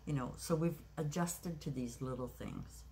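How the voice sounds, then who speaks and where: A woman in her sixties telling a personal story in a reflective, unhurried way, with many pauses and restarts. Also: rumbling low, animated, gravelly, darkish tone. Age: 60s. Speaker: craft vlogger.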